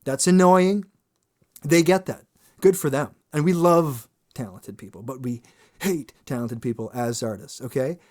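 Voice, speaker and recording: A man hosting a podcast, a singer talking in a casual, animated monologue, swearing freely and acting out quoted voices. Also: mid-range voice, a little slow. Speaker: podcast host.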